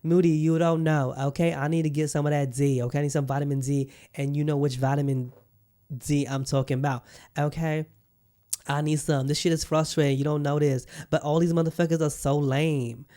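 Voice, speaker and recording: A man putting on a brash, frustrated single woman who rants loudly and with exaggeration. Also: on the high side, little pitch movement, a little fast, natural voice. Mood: exasperated. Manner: loud, exaggerated ranting.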